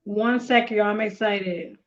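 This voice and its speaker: A woman hosting a casual live stream, excitable and quick to laugh, flustered as she works out the tech on her tablet. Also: medium pitch, muffled recording. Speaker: livestream host.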